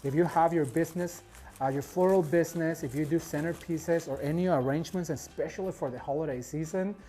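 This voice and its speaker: A man's voice: a little high, fairly quick, mellow. A man hosting a casual step-by-step floral design tutorial, chatty and enthusiastic, often talking straight to his viewers. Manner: chatty and enthusiastic, addresses viewers as "you guys".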